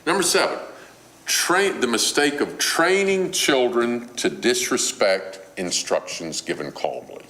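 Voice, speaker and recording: A man's voice: medium pitch, lively intonation, unhurried, bright, forceful tone, reverberant. A male preacher giving a conversational sermon, teaching through everyday stories. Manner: conversational, illustrative storytelling. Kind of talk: sermon on parenting.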